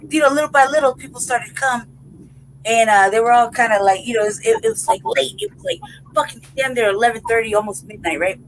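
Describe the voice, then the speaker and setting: Her voice is fairly high and a bit bright, caught on a rough recording with faint hiss or hum. Chatting casually as a podcast host, she laughs through a meandering, foul-mouthed story, tossing in "right?" and "you know what I mean?" again and again.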